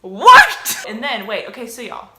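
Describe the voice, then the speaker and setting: A young woman, a theater student, telling a dating story with lively, theatrical delivery. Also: a little high, normal speed, echoey room, very noisy. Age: young adult. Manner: expressive, theatrical retelling. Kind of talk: casual storytelling.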